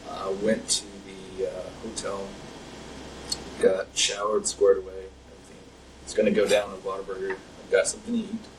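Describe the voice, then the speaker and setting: Young guy telling his story, low voice, lots of ums, mic a bit far, faint hiss. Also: animated, normal speed. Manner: hesitant, rambling, many fillers. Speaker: interview subject. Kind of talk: recounting events in an interview. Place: interrogation room. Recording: distant mic, faint noise.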